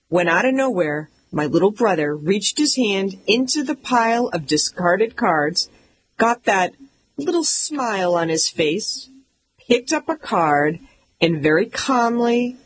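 A woman with a fairly low voice reads a humorous memoir aloud. She leans into every line with emphatic, mock-indignant delivery. A faint hiss sits under her voice. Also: low-quality recording. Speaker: audiobook narrator. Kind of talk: scripted comic memoir narration.

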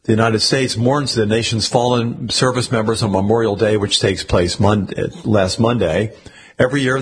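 A man reading newspaper articles aloud for a radio reading service, steady with occasional slips and restarts. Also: lowish voice, husky.

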